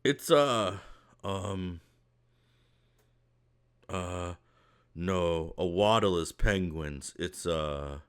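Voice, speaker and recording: A man's voice: sits low, very slow, pauses often, clean tone. A man narrating as game master of a tabletop game, rambling with many fillers.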